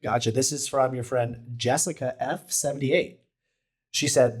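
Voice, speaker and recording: A man's voice: medium pitch, steady tone, measured pace, slightly rough. A man co-hosting a casual podcast about fatherhood, friendly and agreeable, peppering his talk with "like" and "yeah". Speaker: podcast co-host, expecting father. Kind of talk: casual chat.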